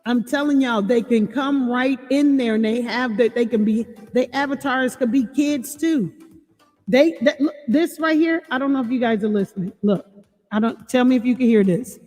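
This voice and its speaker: A woman chatting on a livestream, warning parents and reading out chat comments in an animated way. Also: on the high side, moderate pace. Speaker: livestream host. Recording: long reverb with faint music.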